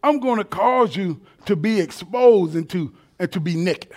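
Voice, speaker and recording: A man preaching a sermon in an animated, colloquial way, swinging from quiet asides to shouts. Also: high voice, normal speed.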